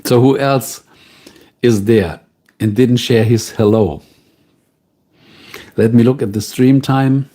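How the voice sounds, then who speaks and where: A man with a German accent hosting a livestream, chatting casually and directly with his viewers in a relaxed, unhurried way. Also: medium pitch. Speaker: livestream host.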